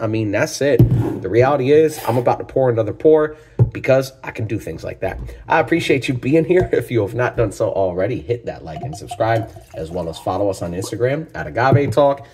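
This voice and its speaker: A man's voice: mid-range voice, expressive, fairly quick, darkish tone, slightly rough. A man hosting a casual tequila tasting review, talking enthusiastically and exclaiming over each aroma. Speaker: tequila reviewer, channel host.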